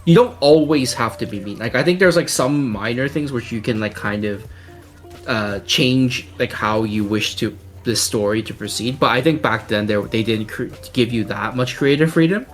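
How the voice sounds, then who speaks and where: A young man co-hosting a podcast in loose, casual chat. He rambles along with a lot of fillers and likes to tease. His pitch sits in a middle range. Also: moderate pace, fairly bright tone, soft background music. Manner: rambling, filler-heavy, teasing. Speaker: podcast co-host.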